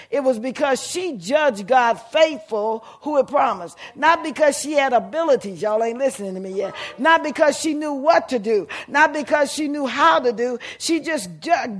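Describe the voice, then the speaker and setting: A middle-aged man preaching a sermon, telling a story and calling out to the congregation, rising to shouts at the peaks. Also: very high-pitched. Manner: fervent call-and-response preaching, shouting at peaks.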